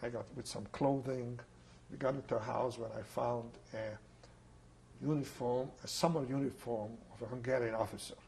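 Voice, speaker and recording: Older man with a gravelly voice. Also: medium pitch, steady tone, darkish tone, a little hiss or hum, low-quality recording. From Ungvar, Czechoslovakia. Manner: unhurried, plain storytelling with pauses. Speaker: Holocaust survivor interviewee. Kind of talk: oral history testimony.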